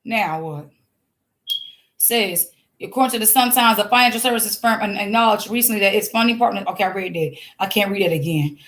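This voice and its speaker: A woman's voice: mid-range voice, brisk, fairly bright tone. A woman giving fiery religious commentary in a vlog, blunt and scolding, preaching at her viewers with frequent restarts. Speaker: online commentator.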